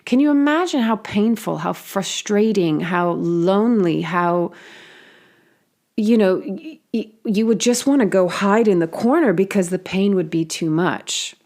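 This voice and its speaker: A spiritual healing host offers a reflective monologue on healing, speaking earnestly yet casually, with frequent fillers and the occasional swear word. Her medium-pitched voice is animated and a little slow, with a darkish tone.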